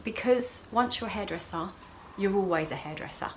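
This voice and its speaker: A woman's voice: medium pitch, normal speed, slight background noise, rough recording. A woman talking through her day in a chatty, rambling vlog diary with self-mocking asides. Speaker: vlogger.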